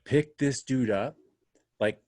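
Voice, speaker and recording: A man's voice: medium pitch, slow pace, a little mellow, dry recording. A man co-hosting a casual podcast, rambling through stories with lots of fillers. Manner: rambling storyteller, chatty fillers. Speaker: podcast co-host. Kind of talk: casual chat.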